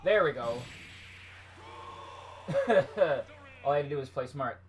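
A man's voice: medium pitch, expressive, slow, a little hiss or hum. A man casually commentating his own gameplay on a live stream, self-mocking and swearing when frustrated.

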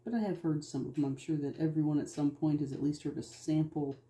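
A man's voice: on the high side, steady tone, fast talker, warm tone. A man hosting an art video, chatting casually and rambling from one topic to the next. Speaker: art channel host. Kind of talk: casual chat while making art. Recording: roomy echo, faint music behind.

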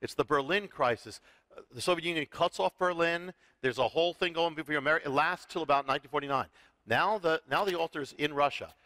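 Bright-voiced man teaching prophecy. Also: a little high, quick pace, no room sound. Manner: animated storyteller, restarts and repeats words. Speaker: rabbi teaching on a talk show. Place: TV studio with audience.

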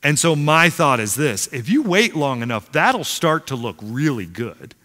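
Man, pastor, middle-aged, sermon, animated storyteller, bright and forceful, long church-hall reverb. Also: a little high, a little slow. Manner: animated storyteller, acts out quotes, self-deprecating humor. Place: large church sanctuary.

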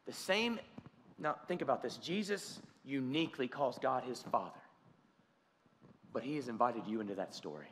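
A man's voice: medium pitch, expressive, normal speed, fairly bright tone, slight background noise. A man preaching a sermon as pastor, earnest and conversational, often restarting his sentences. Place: church sanctuary. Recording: church hall reverb.

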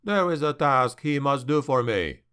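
A man voicing a bitter, stern male dark elf devoted to a temple, in a fantasy audiobook. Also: medium pitch, animated, normal speed, clean tone, close to an everyday voice.

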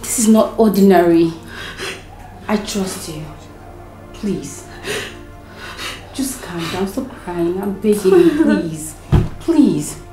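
A caring friend with a Nigerian accent, slow and soothing. The room around her is echoey. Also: medium pitch, animated, over music. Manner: soothing, comforting. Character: caring woman friend comforting someone. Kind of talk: film drama acting.

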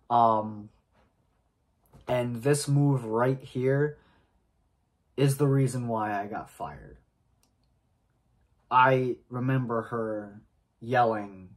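A man speaks to camera in an unhurried, drawn-out way, as if recounting something that happened to him. His delivery halts and restarts, with pauses and throat clearing between phrases. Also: medium pitch, steady tone. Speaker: vlogger. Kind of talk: casual storytelling to camera.

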